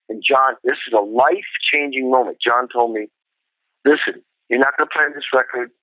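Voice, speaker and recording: A middle-aged man, a drummer, telling an animated, profane story about his early career. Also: medium pitch, no echo. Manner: animated, profane, acts out quotes. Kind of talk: storytelling interview. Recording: tinny phone-like line.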